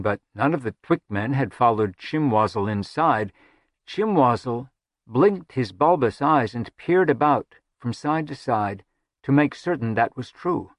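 A man's voice: mid-range voice, no room sound, clean studio sound. A man narrating a fantasy story aloud with wry, theatrical delivery. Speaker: audiobook narrator.

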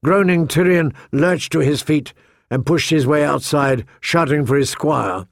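A man narrating a fantasy novel in steady scripted narration. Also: on the high side, unhurried, creaky, dry recording, clean studio sound. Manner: steady storytelling. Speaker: audiobook narrator.

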